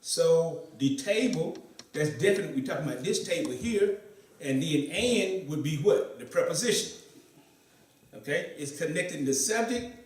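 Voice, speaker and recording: A man's voice: a little high, lively intonation, moderate pace. A man teaching Arabic to a class in a mosque, often asking questions and repeating students' answers. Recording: echoey room, voice from far off.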